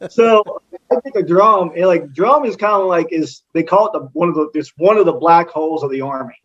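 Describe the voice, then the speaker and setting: A man from Texas speaks as a guest on a casual podcast, in a fairly high voice. His sentences ramble and are full of fillers. The audio sounds dull and lo-fi. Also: brisk, fairly bright tone. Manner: rambling, heavy on fillers, laughs often. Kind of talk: casual chat.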